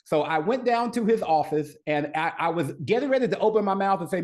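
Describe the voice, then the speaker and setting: A man's voice: high voice, lively intonation, a little fast, few pauses, a little mellow. Man telling an earnest story, slight stutter. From United States. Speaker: podcast guest, leadership coach. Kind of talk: storytelling interview answers.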